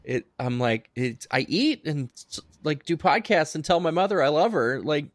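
A young man co-hosting a comedy podcast, joking in a dry, deadpan, mock-naive way. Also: fairly high pitch, moderate pace, no room sound. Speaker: podcast co-host. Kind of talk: casual comedy podcast chat.

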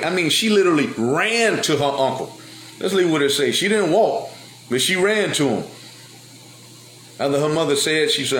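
A male preacher retelling Bible stories in lively everyday speech and slang during a sermon. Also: fairly high pitch, roomy sound, slight background noise. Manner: animated, retells scripture in everyday vernacular. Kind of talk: sermon storytelling.

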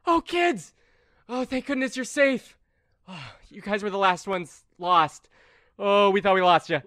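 A kindly, flustered woman camp counselor, voiced by a man in a tabletop game. The voice sits high and gushes with worry. The recording is dry and close. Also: expressive, a little slow, sharp tone, no room sound, full character voice. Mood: relieved.

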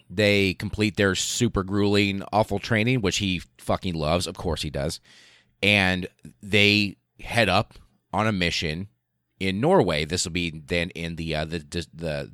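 Deep-voiced man telling history casually. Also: dry recording, studio quality. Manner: profane, animated, laughs while telling. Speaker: podcast host.

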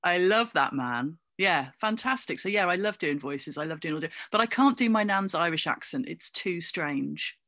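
A middle-aged woman from England, chatting as a guest in an interview, animated and full of asides and fillers. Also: fairly low pitch, moderate pace, hardly any pauses, no room sound. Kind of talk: casual interview chat.

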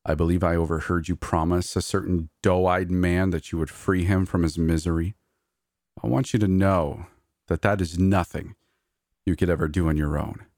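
A man voicing a sly, scheming male creature in a horror story, speaking slowly and mockingly. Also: low voice, fairly even intonation, darkish tone, no room sound, clean studio sound. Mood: smug, scheming. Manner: slow, deliberate, mocking. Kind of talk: horror audiobook reading.

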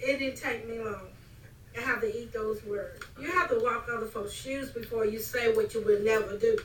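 A woman's voice: a little high, steady tone, a little hiss or hum. An older woman, a mother and grandmother, telling family stories in a casual chat. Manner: slow, storytelling, laughing as she recalls. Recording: echoey room, mic at a distance.

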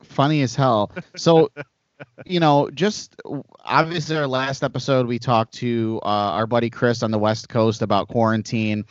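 A man's voice: medium pitch, measured pace, no echo. Male podcast host, casual rambling talker, dry lo-fi recording. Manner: rambling storyteller, animated asides. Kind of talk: casual chat.

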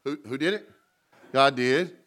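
A man preaching in a church, telling stories and paraphrasing scripture in a relaxed, conversational way. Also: mid-range voice, a little slow. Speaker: pastor. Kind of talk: sermon.

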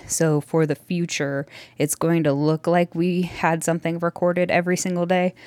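A woman's voice: low-pitched, darkish tone, no echo. A woman podcast host giving a casual, rambling solo update from her dining room, sounding out of breath and apologetic. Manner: chatty, apologetic, rambling with many fillers. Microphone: close handheld microphone.

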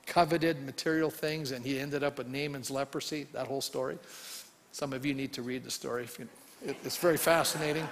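A male pastor with a high voice preaches with animation, acting out the voices in his stories and swinging from loud to hushed. His voice rings through a church hall with a long reverb tail. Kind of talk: sermon.

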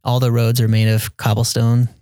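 A young man talking casually as an interview guest about his mission, hesitant, with many pauses and fillers. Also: medium pitch, completely flat delivery, smooth, dry recording. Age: young adult. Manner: soft-spoken, hesitant with many ums, quotes people in a raised voice.

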